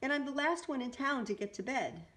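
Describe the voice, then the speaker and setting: A woman's voice: high-pitched, animated, a little fast, pushed and bright, voice pushed up. A woman voicing an overworked young baker's daughter in a storybook, pleading and indignant.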